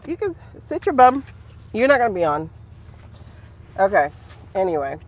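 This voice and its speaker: A woman's voice: mid-range voice, big pitch swings, normal speed. Chatty woman on a livestream, voice jumps all over, laughs a lot, talks to the chat, faint hum behind. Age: adult. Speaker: livestream host and tarot reader.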